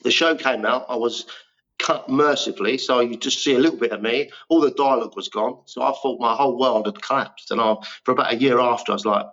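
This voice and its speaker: A man's voice: medium pitch, fairly quick, fairly bright tone, dull audio. A man in his fifties, a guest actor telling rambling, self-deprecating stories in a casual interview. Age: 50s.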